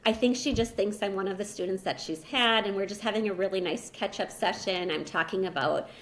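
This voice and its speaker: A woman in her thirties recounts a personal story as a podcast guest. Her speech is casual and chatty, full of "like" and "you know," and sits at an unremarkable middle pitch. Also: a little fast, a bit bright. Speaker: podcast guest, language teacher.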